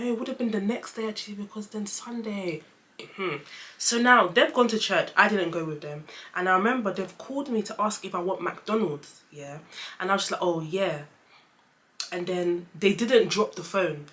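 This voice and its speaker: Bright chatty young woman. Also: fairly low pitch. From London, England. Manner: chatty, lots of fillers, acts out dialogue in quick voices. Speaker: vlogger. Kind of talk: casual storytelling chat.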